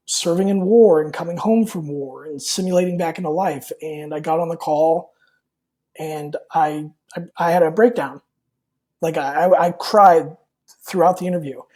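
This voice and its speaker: A man's voice: a little high, a little mellow. A man guest on a podcast telling a personal story in a candid, rambling way, full of fillers and repeated words. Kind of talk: casual storytelling in an interview.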